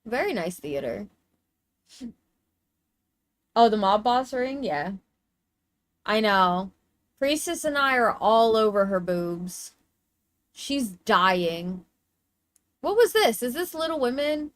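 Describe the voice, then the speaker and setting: A woman's voice: fairly high pitch, sing-song, takes it slowly, pauses often, no echo. A woman streamer chatting casually while showing pictures, gushing and cooing in baby talk, with casual swearing.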